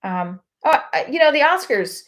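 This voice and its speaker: A woman's voice: mid-range voice, lively intonation, normal speed. A woman comedian in a candid, rambling confessional monologue who swears freely.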